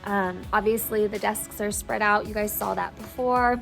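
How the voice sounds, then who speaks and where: A woman's voice: mid-range voice, fairly even intonation, normal speed, gravelly, faint music behind. A woman teacher talking in a casual vlog, emotional and gushing, tearful as she speaks. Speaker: teacher and vlogger.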